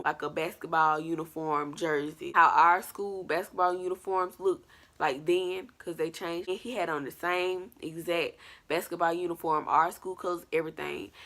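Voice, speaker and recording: Woman vlogger, slightly low voice, casual and animated, acts out her story. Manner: animated, colloquial, acts out scenes. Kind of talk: storytime vlog.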